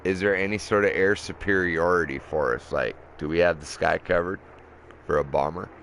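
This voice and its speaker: A man's voice: low-pitched, normal speed, gravelly. A man giving casual, profane gameplay commentary, rambling and laughing often. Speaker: gamer playing a flight combat game. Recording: game noise in the background.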